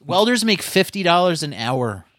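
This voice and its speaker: A man co-hosting a casual podcast, giving animated, profane opinions and advice. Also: high voice, normal speed, dry recording, studio quality. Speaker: podcast co-host.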